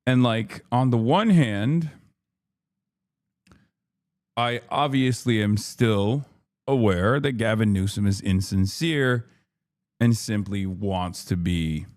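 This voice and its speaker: A man's voice: fairly low pitch, slow pace, pauses often, darkish tone. A man ranting in livestream commentary, exasperated and profane, repeating himself for emphasis. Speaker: streamer reacting to news.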